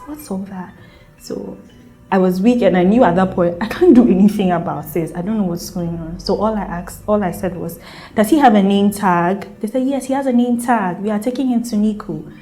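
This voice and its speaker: Speaking in a lowish, mellow voice, a young woman from Ghana shares her personal birth story. Her telling is heartfelt and emotional, and she acts out the people she quotes.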